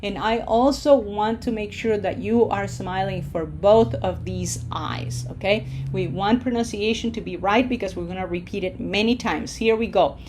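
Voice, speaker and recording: A woman teaching a slide-based Spanish lesson, modeling words slowly and clearly and checking in with "okay?". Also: medium pitch, a little hiss or hum. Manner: slow, deliberate, drawls out Spanish models loudly for repetition, checks in with "okay?".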